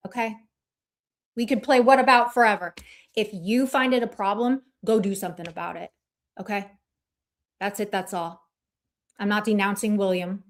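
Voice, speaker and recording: A woman's voice: mid-range voice, fairly even intonation, normal speed, long pauses. A woman hosting a livestream, ranting in casual chat in a blunt, profane and combative way. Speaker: livestream host.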